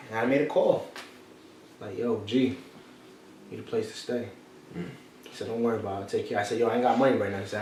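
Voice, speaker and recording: Recorded far from the mic in an echoey room with faint noise, a medium-pitched man shares a personal story on his motivational podcast. Like a preacher, he keeps circling back to his key phrases, and he sounds off-mic.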